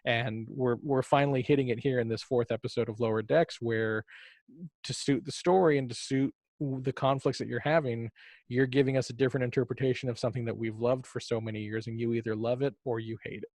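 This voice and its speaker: A man co-hosting a casual review chat, making his points in an articulate, analytical, steady way. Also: medium pitch, fairly quick, no echo. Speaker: podcast co-host reviewing a TV episode.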